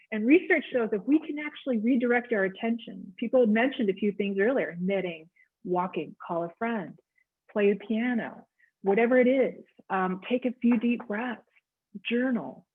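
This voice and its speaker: A woman's voice: medium pitch, breathy edge. A woman counselor giving a conversational, encouraging wellness talk with frequent ums. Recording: tinny phone-like line.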